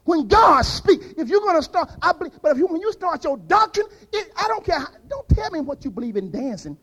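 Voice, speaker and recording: An older man preaching a fervent sermon, dropping to quiet asides and rising to shouted peaks. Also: very high-pitched, big pitch swings, fast talker, low-quality recording.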